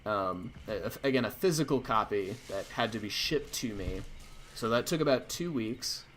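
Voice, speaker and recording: A man's voice: on the low side, expressive, normal speed, fairly bright tone, a little hiss or hum. A man hosting a stream, telling a story in a casual, rambling way with many fillers and restarts. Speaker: stream host.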